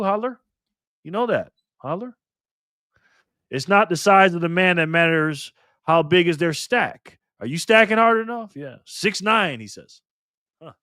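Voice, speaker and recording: A man's voice: mid-range voice, fairly bright tone, no room sound, studio quality. A man hosting a casual live stream, reading the chat aloud and talking back to viewers in an upbeat, chatty way. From Nevada.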